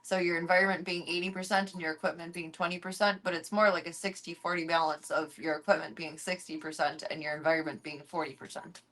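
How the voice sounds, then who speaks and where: A woman's voice: fairly low pitch, steady tone, quick pace, few pauses, fairly bright tone. A young woman streaming from home, chatting casually, swearing freely, and cooing baby talk at her pets. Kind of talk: casual live-stream chat.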